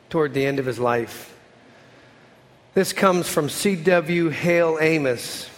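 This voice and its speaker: A man preaching and then praying with his congregation, his voice sitting a little high for a man. He speaks earnestly and often lets his voice sink soft at the close of a line. The sound trails off in a long hall reverb. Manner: earnest preaching, drops to a soft voice at the ends of lines. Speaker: pastor. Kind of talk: sermon with closing prayer.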